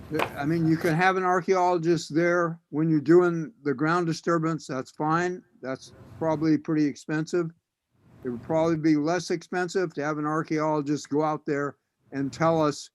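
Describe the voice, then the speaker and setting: A man serving as archaeologist commissioner, raising skeptical questions during a public meeting. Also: fairly high pitch.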